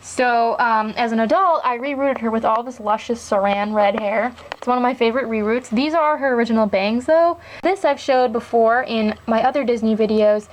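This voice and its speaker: A woman's voice: on the high side, normal speed, few pauses, a little hiss or hum, poor audio. A young adult woman chatting casually as she shows off her doll collection, rambling with lots of fillers. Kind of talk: casual show-and-tell chat.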